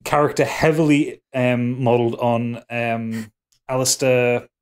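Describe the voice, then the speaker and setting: A man's voice: medium pitch, level tone, unhurried, clean tone. A man with a Geordie accent hosting a podcast in casual chat, rambling with fillers and restarts. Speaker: podcast host.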